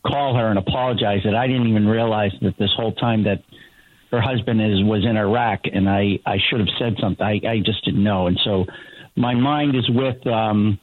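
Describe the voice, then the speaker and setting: A man's voice: on the low side, fairly even intonation. Man on a tinny phone-like line. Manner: halting, restarting, earnest. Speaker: reporter and political analyst guest. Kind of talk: casual talk radio chat.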